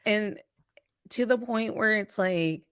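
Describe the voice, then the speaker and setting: A woman chatting casually as a podcast guest, animated and laughing often, sometimes dropping into a hushed whisper. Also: mid-range voice, slow pace, clean tone, no echo, studio quality.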